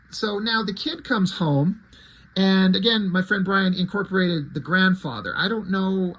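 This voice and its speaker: A man with a fairly high voice and a husky, slightly breathy tone talks about an old comic. His commentary is chatty and rambling, with casual swearing. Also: fairly bright tone, rough recording. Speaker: comic book reviewer.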